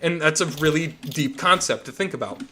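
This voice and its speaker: A young man chats loosely over a game stream. His voice sits fairly high and sounds bright and forward. He rambles, restarts and swears freely as he rants. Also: animated, a little fast. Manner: rambling, profane ranting. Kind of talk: casual game chat.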